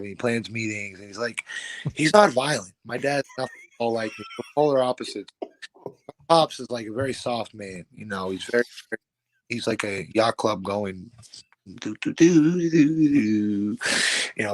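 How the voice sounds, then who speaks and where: A man's voice: mid-range voice, no echo. A young man telling a rowdy story as a guest fighter, swearing freely and acting out the voices of the people in it. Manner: animated, swearing, acts out quoted voices. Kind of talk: casual storytelling.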